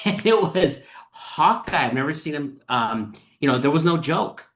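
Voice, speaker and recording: A man hosting a podcast, talking in a thoughtful, earnest way with many pauses and fillers. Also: medium pitch, animated, fairly bright tone. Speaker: podcast host. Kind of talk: casual chat.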